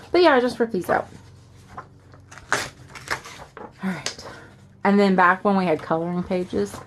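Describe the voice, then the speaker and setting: With a fairly low voice and noise in the background, a woman with a Southern US accent rambles through a tour of her planner setup. The planner vlogger keeps it chatty, full of fillers and asides.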